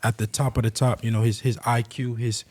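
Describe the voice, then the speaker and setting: A man in his twenties, a boxing guest, speaking in relaxed conversation. His pitch sits in an ordinary middle range. He speaks softly and restarts his sentences often. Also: a little fast. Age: 20s. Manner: soft-spoken, hesitant, with many restarts. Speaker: guest, boxer. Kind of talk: casual interview chat.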